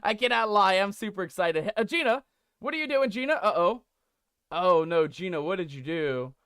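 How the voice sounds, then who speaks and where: A man's voice: high-pitched, animated, moderate pace, fairly bright tone, smooth, dry recording. A man streaming live games, playing a playful pirate captain who hypes up his viewers with lots of repetition. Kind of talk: live game stream commentary.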